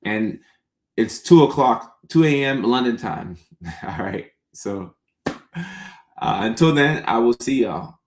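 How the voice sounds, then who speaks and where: A man with a gravelly, creaky voice and middling pitch hosts a casual live stream, answering viewer comments in a loose, chatty way. He laughs easily and keeps the talk relaxed. The sound carries a noticeable room echo. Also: slow pace, long pauses.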